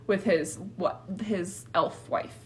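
A woman's voice: lowish voice, slow pace. A young woman hosting a casual podcast chat, her statements often rising like questions. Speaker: podcast host.

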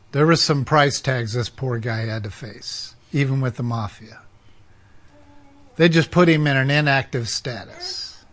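A man's voice: medium pitch, fairly bright tone. A man who is a Christian counselor telling a story in a sermon. He talks in a conversational way and uses a lot of "you know" fillers.

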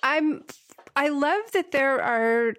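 A woman's voice: high voice, lively intonation, takes it slowly, fairly bright tone, no room sound. A woman hosting a podcast and asking about a novel in a chatty, enthusiastic way. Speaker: podcast host. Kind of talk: casual interview chat.

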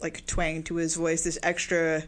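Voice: mid-range voice, monotone, measured pace, fairly bright tone, a little hiss or hum. A podcast co-host speaking casually and chattily, peppering talk with fillers. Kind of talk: casual discussion.

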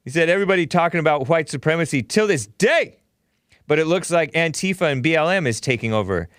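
A man's voice: on the high side, lively intonation, quick pace, a bit bright, no echo, studio quality. A man hosting a call-in talk show, chatting casually, laughing often and reading viewer messages aloud. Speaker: host.

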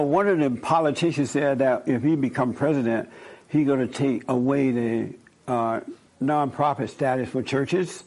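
A man with a gravelly, creaky voice telling stories from his counseling work. He talks casually and emphatically, repeats his points, and acts out both sides of each conversation. His pitch sits in an ordinary middle range. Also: a little mellow, low-quality recording. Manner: emphatic, repetitive, quotes himself and others in dialogue. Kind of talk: informal storytelling talk.

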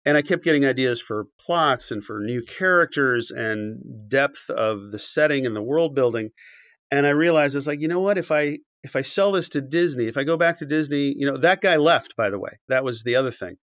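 The guest, an author and animation writer, has a medium-pitched, fairly bright voice and a moderate pace. He spins a long, conversational anecdote with many fillers and restarts, acting out quoted dialogue and briefly choking up. The podcast recording sounds dull and dry.

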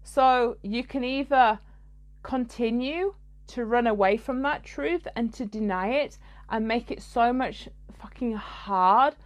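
A woman's voice: a little high, takes it slowly. A woman, a spiritual coach giving a blunt, casual podcast monologue, swearing freely and laughing mid-sentence.

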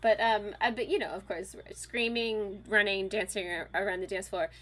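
A woman in her thirties, a podcast guest, telling a weekend story in a casual, animated way, full of fillers and quoted voices. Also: mid-range voice, moderate pace. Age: 30s.

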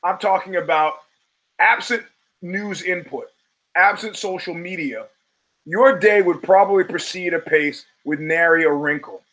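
A man's voice: high voice, measured pace, fairly bright tone, poor audio. Wry, profane male podcast host. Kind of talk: solo podcast monologue.

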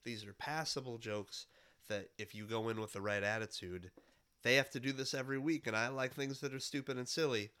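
A man in his thirties from the Midwest, nursing a cold, hosts a podcast with a medium-pitched voice that is bright, forceful and smooth. His intonation stays fairly even and he talks fairly quickly in a meandering, nostalgic monologue full of fillers and restarts.

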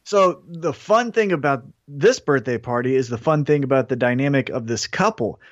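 A man's voice: mid-range voice, lively intonation, normal speed, no room sound, dull audio. A man, co-hosting a podcast and telling wry anecdotes in casual chat. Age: 30s. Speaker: podcast co-host.

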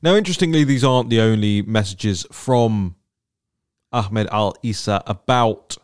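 A man's voice: fairly low pitch, measured pace, dry recording, clean studio sound. A man hosting a solo political commentary podcast, talking in an indignant, emphatic way and repeating words for stress.

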